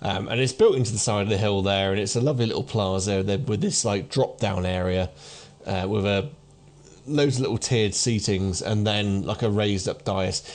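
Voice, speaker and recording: A man's voice: fairly low pitch, normal speed, a little mellow. A man in his thirties narrating a tabletop game as game master, rambling with many fillers. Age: 30s.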